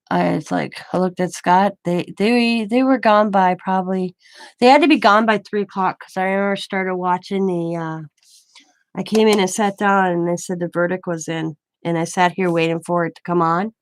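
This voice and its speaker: A woman's voice: on the low side, steady tone, normal speed, dry recording. An older woman, a grandmother, telling a rambling story in casual chat, with many restarts. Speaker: craft vlogger.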